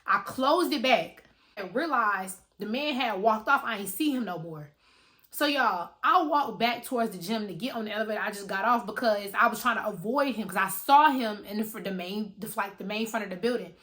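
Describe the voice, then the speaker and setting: A young woman vlogger telling a story in a casual, animated and profane way, talking straight to her viewers. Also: mid-range voice, moderate pace.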